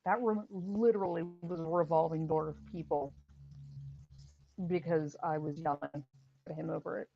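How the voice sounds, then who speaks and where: A middle-aged woman, a former paramedic and firearms instructor, hosting a casual live stream, telling stories with animated repetition and answering chat. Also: low voice, normal speed, gravelly, dull audio. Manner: animated storytelling, repeats phrases, answers chat.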